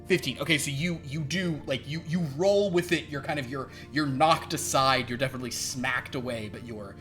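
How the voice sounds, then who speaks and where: A man running a tabletop game as game master, rambling and halting with many fillers. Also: mid-range voice, fairly bright tone, soft background music.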